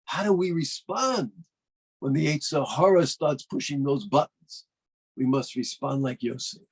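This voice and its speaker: A man's voice: a little high, a little slow, husky, rough recording. A man, a rabbi, giving a sermon in an emphatic manner that rises to fervent declarations.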